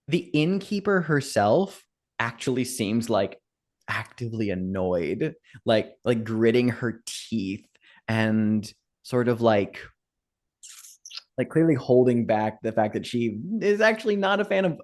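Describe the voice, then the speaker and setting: A man's voice: mid-range voice, animated, moderate pace, a little mellow. A man narrating a tabletop game as game master, in loose talk full of fillers.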